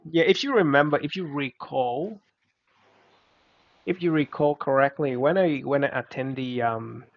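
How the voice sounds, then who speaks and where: A man whose first language is Vietnamese, giving casual, halting advice in English with many restarts. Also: mid-range voice. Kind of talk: casual conversation. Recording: muffled lo-fi recording.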